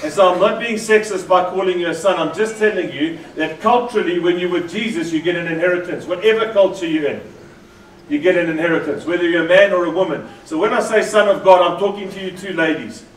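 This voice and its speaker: A man from South Africa with a South African accent, preaching a lively sermon, joking and drawing in the congregation. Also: high-pitched, fast. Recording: echoey hall from far off.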